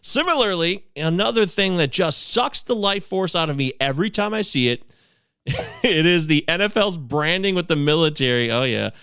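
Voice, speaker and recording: A man's voice: fairly high pitch, animated, moderate pace, sharp tone, clean tone, no echo, clean studio sound. A man hosting a casual podcast, joking with his co-hosts and reading listener emails aloud, stumbling over words now and then. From Michigan. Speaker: podcast host.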